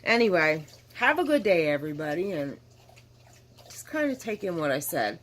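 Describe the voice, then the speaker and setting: A woman's voice: on the low side, very animated, moderate pace. A tired middle-aged woman chatting candidly to her camera in a rambling, apologetic vlog, yawning now and then. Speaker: vlogger. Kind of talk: casual vlog chat to camera.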